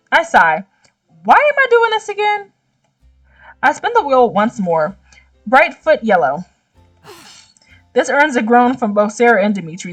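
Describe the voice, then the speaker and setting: Young woman gamer, narrating a visual novel and riffing in slang; soft background music. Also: on the high side, far from the mic. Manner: animated, slangy reactions and exclamations. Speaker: gaming YouTuber. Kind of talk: reading a visual novel aloud with commentary.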